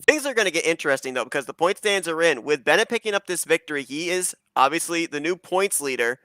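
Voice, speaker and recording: Male play-by-play caller, bright and crisp, upbeat broadcaster polish. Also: fairly high pitch, lively intonation, fast talker, dry recording. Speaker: race commentator. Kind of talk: play-by-play commentary.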